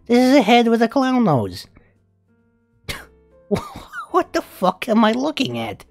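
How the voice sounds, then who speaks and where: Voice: medium pitch, wildly swooping pitch, takes it slowly, a little mellow, soft background music, exaggerated voice. Angel Dust, a performer doing a crude spider demon. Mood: incredulous mocking. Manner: crude, swearing, giggly, doting. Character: crude flamboyant male spider demon, brash. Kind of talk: comedic fan character voice reaction.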